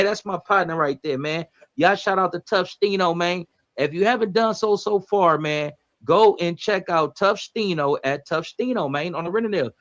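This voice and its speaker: A man's voice: on the high side, fairly bright tone, highs cut off. A man hosting a casual livestream, bluntly reading out viewer comments and talking back to chat in a profane, direct way.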